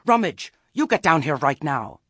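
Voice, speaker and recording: A man voicing a flustered rustic farmer who talks loudly and indignantly in an audiobook reading. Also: on the high side, big pitch swings, moderate pace, no echo, clean studio sound, pitched above the performer's own voice. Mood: agitated. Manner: loud, agitated and indignant.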